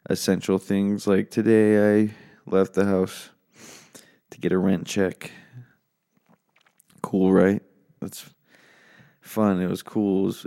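A man with an American accent hosting a casual late-night solo podcast from his home office, talking low and quiet in a rough voice, laid-back and rambling, swearing often. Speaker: podcast host.

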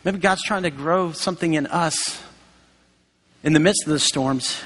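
A man's voice: a little high, measured pace, a bit bright. A man preaching a sermon in a conversational way, acting out quoted voices along the way. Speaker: pastor. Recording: long hall reverb.

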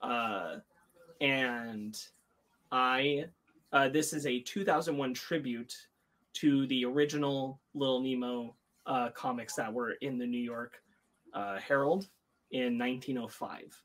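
A man co-hosting a casual review chat, his voice sitting in a middle pitch. He speaks hesitantly and fills pauses with ums and uhs. The tone is easygoing and conversational. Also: fairly even intonation, fairly bright tone. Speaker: podcast co-host.

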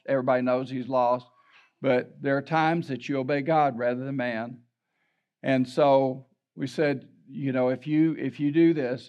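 A man's voice: medium pitch, a little mellow, muffled recording. An older man preaching a sermon as pastor, telling a personal story, acting out the voices of people he quotes and often repeating his words.

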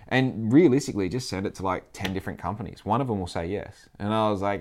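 A man's voice: lowish voice, brisk, a little mellow. A man with an Australian accent talking casually in a rambling monologue, swearing freely and acting out the people he quotes.

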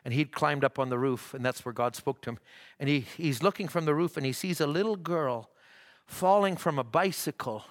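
A pastor preaching a sermon in church, rising to fervent shouts, with frequent halting restarts. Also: male voice, a little high.

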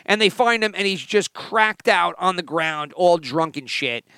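High, gravelly-voiced blunt man. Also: lively intonation, unhurried, sharp tone, no echo, studio quality. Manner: blunt, swears freely. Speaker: podcast co-host. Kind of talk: casual movie review chat.

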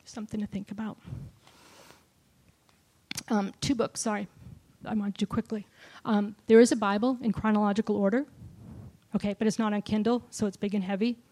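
A middle-aged woman giving a personal testimony sermon, telling a story with lively shifts and dropping to a whisper for quoted lines. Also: mid-range voice, fairly quick. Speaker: speaker at a church gathering.

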